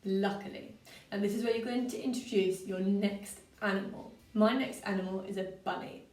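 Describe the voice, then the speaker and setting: A woman, a primary school teacher, giving a story-writing lesson for children in a clear, patient way, with lively expressive reading. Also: medium pitch, normal speed. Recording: roomy, from a distance.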